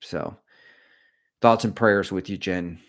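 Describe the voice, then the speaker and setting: A man's voice: sits low, slow pace, fairly bright tone. A middle-aged man hosting a running livestream, chatting candidly and joking as he rambles between topics. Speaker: running channel host. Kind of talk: casual livestream chat.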